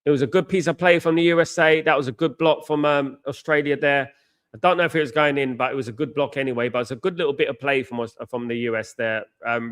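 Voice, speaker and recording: A man hosts a live football watchalong in a mid-pitched voice. He chats casually, keeps thanking his viewers and repeats himself as the game plays. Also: fairly bright tone. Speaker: watchalong host.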